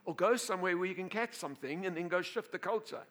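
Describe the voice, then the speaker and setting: A male pastor preaching a sermon to a congregation, telling a story in an animated way, laughing and often repeating and restarting his words. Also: high voice, quick pace.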